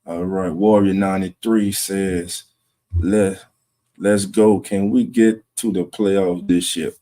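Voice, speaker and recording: A man hosting a late-night sports livestream at home, talking low and greeting chat viewers by name. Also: fairly even intonation, slow, mellow. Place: home room at night with wife resting nearby.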